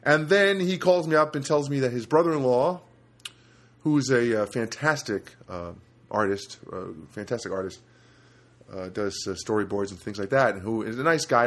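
Man, middle-aged, podcast host, from New Jersey, rambling, self-interrupting, casual monologue, mid-pitched voice. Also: lively intonation, a little fast. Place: studio apartment.

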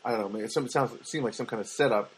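A man's voice: mid-range voice, racing, husky, poor audio. A man hosting a podcast, telling rambling stories in a casual monologue and acting out the people in them. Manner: rambling storyteller, acts out quoted people. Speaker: podcast host. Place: Los Angeles.

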